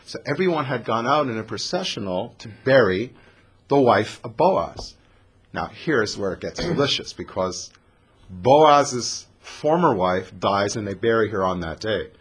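A man teaching a lively Bible lesson as a dramatic storyteller, mixing in Hebrew and Yiddish terms. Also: fairly low pitch, unhurried, husky. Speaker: Torah teacher.

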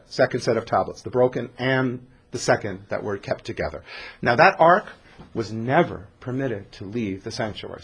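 A man teaching a Bible class, animated and sarcastic, reading verses and explaining them. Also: mid-range voice, husky. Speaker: scripture teacher.

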